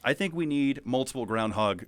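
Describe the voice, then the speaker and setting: A man's voice: mid-range voice, expressive, normal speed. A man co-hosting a casual podcast chat, making his points emphatically and opinionatedly. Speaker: podcast co-host.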